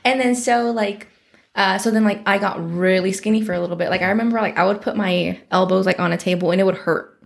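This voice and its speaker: A woman's voice: mid-range voice, fairly even intonation, fast talker, creaky. A young woman co-hosting a podcast, chatting casually and filling her speech with "like". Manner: chatty, heavy use of "like". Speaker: podcast co-host. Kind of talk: casual chat.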